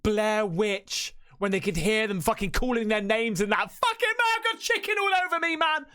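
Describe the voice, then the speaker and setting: A man casually commenting on a video, excitable and swearing often as he reacts. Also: high-pitched, moderate pace, smooth. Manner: excitable, swears a lot, calls viewers mate.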